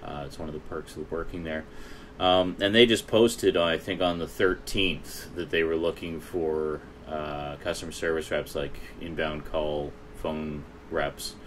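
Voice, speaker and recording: Male streamer host, deep voice, rambling casual chat, soft hiss behind. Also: fairly even intonation, measured pace. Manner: rambling, laughs often, many fillers.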